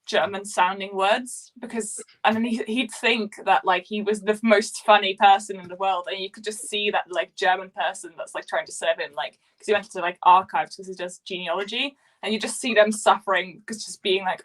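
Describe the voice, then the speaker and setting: Dutch-accented woman hosting a casual live stream on her phone, mid-pitched and talkative. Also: fairly even intonation, fairly quick, hardly any pauses. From Netherlands. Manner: chatty, laughs often, many fillers. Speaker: LEGO streamer host.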